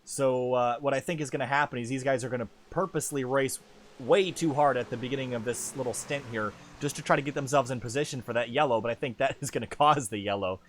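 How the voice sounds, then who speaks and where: As lead commentator for an online truck race, a man delivers sim racing play-by-play in a chatty, self-deprecating style, his pitch jumping up when the action heats up. He talks fast, with slight background noise.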